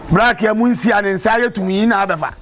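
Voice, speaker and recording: A man's voice: high voice, fairly quick, fairly bright tone, slight background noise. An actor with a Ghanaian accent playing a talkative man who lectures and advises a young woman in a film drama. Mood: insistent.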